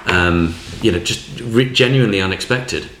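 A man's voice: fairly low pitch, moderate pace, roomy sound, background noise. A man hosting a podcast, chatting casually and hesitantly, searching for words. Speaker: podcast host.

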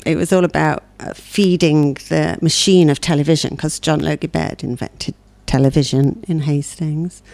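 A woman's voice: deep voice, fairly even intonation, normal speed, creaky, hardly any pauses, darkish tone, no room sound. A woman presenting a radio show from England, chatting in a rambling way and laughing easily. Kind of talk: casual chat.

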